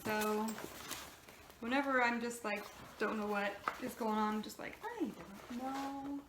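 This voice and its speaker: A woman's voice: medium pitch, steady tone, normal speed. A woman sewing vlogger chatting casually while she sews in her home sewing room, rambling and poking fun at herself. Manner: rambling, chatty, self-deprecating. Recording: echoey room with background noise.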